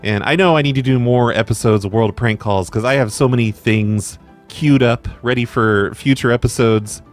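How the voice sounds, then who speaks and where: A man's voice: mid-range voice, moderate pace, faint music behind. A man hosting his own podcast, talking in a loose, rambling, self-deprecating way. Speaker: podcast host. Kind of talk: casual rambling chat.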